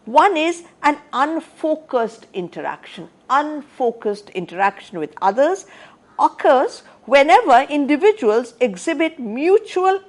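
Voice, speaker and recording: A woman lecturing on sociology in a measured academic style, with frequent "uh" fillers and restarts. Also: high-pitched, big pitch swings.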